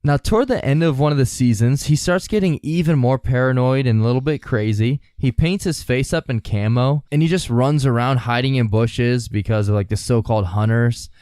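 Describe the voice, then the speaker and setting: A man's voice: mid-range voice, fairly quick, hardly any pauses, a little mellow, clear, resonant tone, dry recording, clean studio sound. A man co-hosting a podcast, casually retelling a story and swearing freely. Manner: profane, storytelling. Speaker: podcast co-host.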